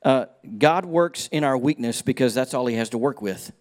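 A man in his fifties preaching a sermon, telling a personal story with folksy humor and moving between hushed moments and emphatic points. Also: mid-range voice, lively intonation, normal speed. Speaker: pastor.

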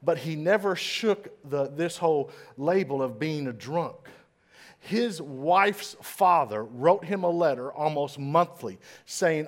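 A man's voice: fairly high pitch, lively intonation, slow. Joking man giving a talk. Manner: self-deprecating, joking; admits trouble with certain words, occasional stammer. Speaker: invited speaker. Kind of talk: humorous motivational speech to a live audience.

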